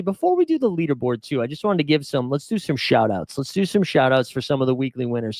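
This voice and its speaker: A man's voice: a little high, no echo, clean studio sound. A man hosting a casual fantasy baseball stream, rambling and self-deprecating, chuckling as he talks. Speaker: fantasy baseball show host. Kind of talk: casual live-stream chat.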